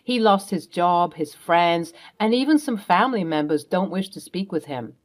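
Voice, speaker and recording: A young woman in steady, matter-of-fact scripted first-person narration. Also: fairly low pitch, normal speed. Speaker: storyteller.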